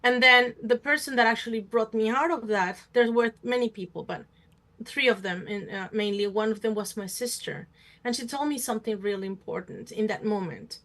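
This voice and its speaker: A woman's voice: on the high side, normal speed, a bit bright. A woman hosting a talk show, telling a personal story and acting out other people's voices. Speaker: host. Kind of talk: casual talk show conversation.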